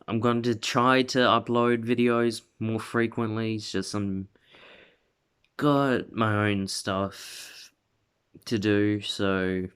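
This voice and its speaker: Slow, rambling young man retelling a story. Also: on the low side, fairly bright tone, smooth. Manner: rambling, full of "like" and self-corrections. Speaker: video creator. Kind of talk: casual retelling of a fan story.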